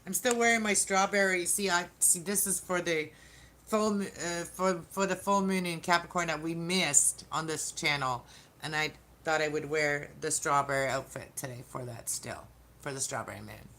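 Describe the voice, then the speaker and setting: A woman's voice: sits low, normal speed, fairly bright tone, slight background noise. A woman giving a casual live-streamed tarot reading, chatting to viewers and often restarting her sentences. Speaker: tarot reader.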